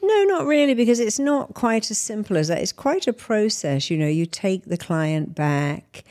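A woman's voice: mid-range voice, very animated, normal speed, a little mellow. A middle-aged woman therapist answering interview questions, explaining her method through examples and analogies. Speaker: therapist and hypnotist guest.

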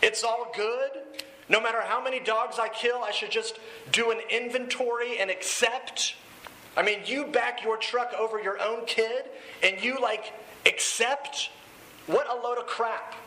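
A man's voice: high voice, expressive, takes it slowly, sharp tone, pitched above the performer's own voice, heavily acted. A man voicing a bitter, self-loathing young drug dealer who lashes out sarcastically in a recovery meeting. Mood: sarcastic. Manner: sarcastic, confrontational outbursts. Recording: echoey room with faint hiss.

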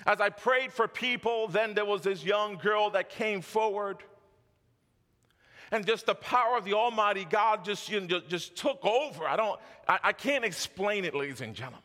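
A male pastor tells a testimony from the pulpit, fervent and full of repetitions and little laughs. His voice is high and bright, and it carries a long hall reverb. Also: moderate pace. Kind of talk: sermon testimony.

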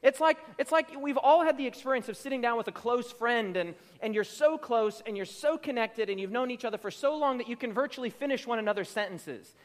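A man preaching a sermon as pastor, building emphasis through repeated phrases and stretching out his quotations slowly. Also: very high voice. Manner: preaching with rising emphatic repetition; slow drawn-out quotations. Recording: reverberant hall.

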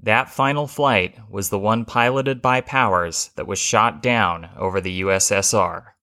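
A man hosting a history podcast, reading a scripted narration in a measured way, with the odd wry aside. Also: lowish voice, sharp tone.

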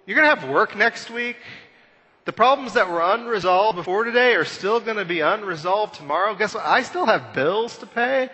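A man in his thirties preaching a conversational Easter sermon, telling self-deprecating stories and swinging between loud and hushed. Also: sits high. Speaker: pastor. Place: church sanctuary. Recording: long church hall reverb.

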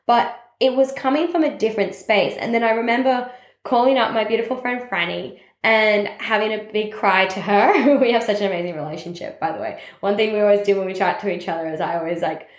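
A woman's voice: mid-range voice, a little fast. Woman sharing candidly in a roomy space. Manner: candid, confessional, self-help phrasing with many "like" fillers. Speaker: network marketing team leader. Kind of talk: personal reflective monologue. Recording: roomy echo.

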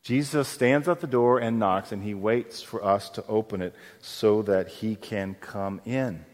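A man's voice: lowish voice, a little slow. A man preaching a sermon as pastor, conversational and often asking his congregation questions. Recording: long hall reverb.

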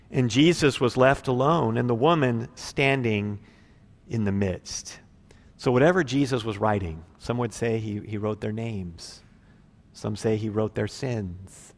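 A male pastor preaching a sermon expressively, swinging from loud emphasis to quiet, near-whispered passages. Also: mid-range voice, measured pace, creaky.

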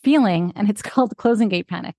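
Woman podcast co-host, chatty and tangent-prone, mid pitch, dry close sound. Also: a little fast, a little mellow, no room sound. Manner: chatty, laughs often, digresses. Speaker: podcast co-host, childbirth educator. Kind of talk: casual chat.

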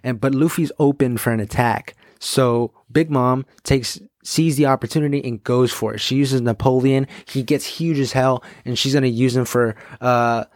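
A man hosting his own podcast, chatting casually and excitedly, with many fillers and quick quoted asides. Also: medium pitch, dry recording, clean studio sound. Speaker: podcast host. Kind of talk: casual solo podcast chat.

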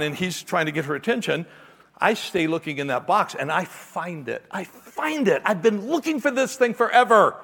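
A middle-aged male pastor delivers a sermon through an animated personal story, slipping into other people's voices as he goes. His voice sits a little high and has a gravelly edge. The sound carries the long echo of a hall. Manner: animated storyteller, acts out voices, ends in quiet prayer.

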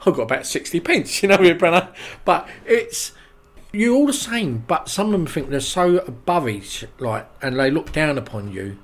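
A man, a podcast guest telling lively showbiz stories and quoting the people in them. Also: fairly high pitch, normal speed. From England. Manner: animated anecdotes with quoted voices and laughs. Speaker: interview guest. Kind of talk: casual storytelling.

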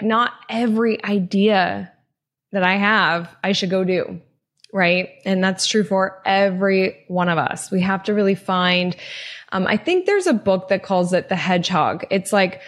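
A woman hosting her own podcast, talking casually and telling a funny story. Her speech is loose and rambling, packed with "like" and the odd swear word, and she laughs at herself along the way. Her voice sits at a middle pitch for a woman. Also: measured pace. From not from California. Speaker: podcast host.

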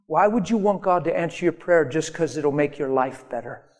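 A man preaching a sermon, telling a personal story with animated acted-out quotes. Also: on the high side, normal speed, faint music behind. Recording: long hall reverb.

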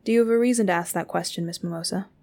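A woman voicing a calm, polite male agent who speaks in a measured, formal way in an audiobook. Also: lowish voice, close to an everyday voice.

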